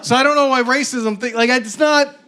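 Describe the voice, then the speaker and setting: A man performing a stand-up comedy set on stage, telling stories with animated delivery and voiced characters. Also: extremely high pitch, a little fast, a crowd in the background. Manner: animated storytelling with shouted bits and voiced characters. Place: comedy stage before a laughing audience.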